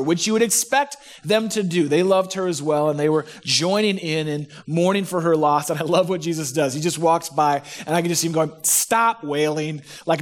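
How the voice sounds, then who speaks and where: A man preaching a sermon in a conversational, humorous way, acting out the quotes he reads. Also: a little high. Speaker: pastor.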